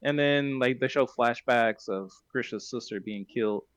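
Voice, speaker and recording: Male podcast host, mid-pitched, talking loosely and circling back on himself. Dry, close sound. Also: normal speed, fairly bright tone, no room sound, lo-fi sound. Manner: rambling, self-correcting retelling. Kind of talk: casual plot recap chat.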